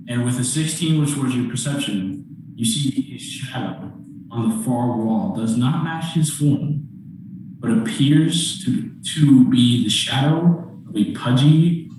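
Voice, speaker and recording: A man's voice: mid-range voice, darkish tone, slight background noise. A man narrating as game master in a casual, filler-heavy way. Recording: very echoey, mic far off.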